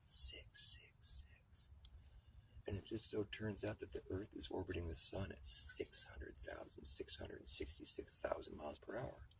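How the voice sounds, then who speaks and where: A man livestreaming a rambling, swearing conspiracy monologue, often half-whispered and hushed. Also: fairly low pitch, wildly swooping pitch, normal speed, creaky, hardly any pauses, distant mic. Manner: mumbling, swearing, chuckling.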